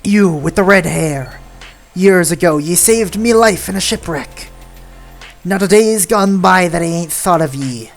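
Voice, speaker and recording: A woman's voice: on the low side, unhurried, soft background music. Woman doing a lovestruck pirate sailor. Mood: earnest. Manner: old-timey pirate speech with "ye" and "matey". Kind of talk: reading game dialogue aloud.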